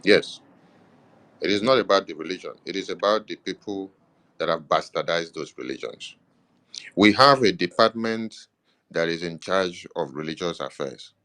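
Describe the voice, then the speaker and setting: A man's voice: sits low, moderate pace, bright, forceful tone. A man with a Nigerian accent, speaking as a government media minister in an impassioned political address, stressing points with repeated affirmations.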